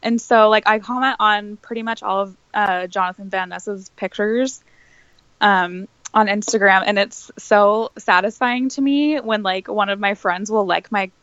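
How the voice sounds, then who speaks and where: A woman's voice: mid-range voice, fairly even intonation, unhurried, a bit bright, smooth, no echo, dull audio. A woman appearing as a guest on a podcast, chatting casually and giggling easily. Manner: giggly, easygoing. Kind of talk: casual chat.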